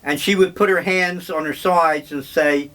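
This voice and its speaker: An older man talks slowly and unhurriedly, wandering from memory to memory with dry humor. His voice sits somewhat high for a man. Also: steady tone, pushed and bright. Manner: slow, rambling, wry. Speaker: vlogger. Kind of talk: casual reminiscing monologue.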